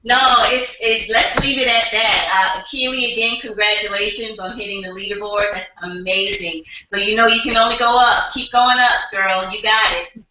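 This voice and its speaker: Sharp bright woman in an echoey room. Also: mid-range voice, steady tone, moderate pace. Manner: earnest, preachy encouragement. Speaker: team leader guest. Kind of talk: motivational chat on a web call. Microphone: video call. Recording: very echoey, distant, dull web call audio.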